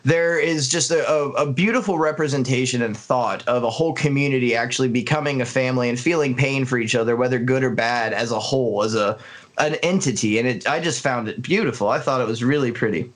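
A man co-hosting a casual film review podcast, talking in an earnest, analytical way with frequent pauses and fillers. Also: mid-range voice. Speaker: podcast co-host.

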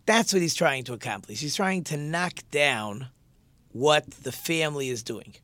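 A man's voice: on the high side, animated, measured pace, pushed and bright, no echo. A male teacher giving a conversational religious lesson and posing rhetorical questions to his listeners.

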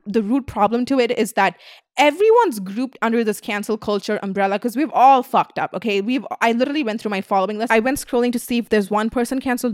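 A woman's voice: mid-range voice, dry recording. Young woman, podcast host, blunt casual rant, heavy swearing, dry close sound. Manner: blunt, swears a lot, animated.

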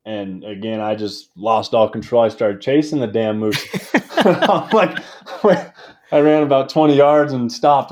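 A young man telling a hunting story in casual talk, animated and laughing as he goes. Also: medium pitch, normal speed. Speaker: guest, game call maker.

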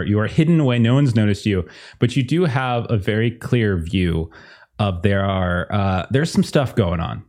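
A man's voice: on the low side, warm tone. A man running a tabletop game as game master, narrating loosely with many fillers.

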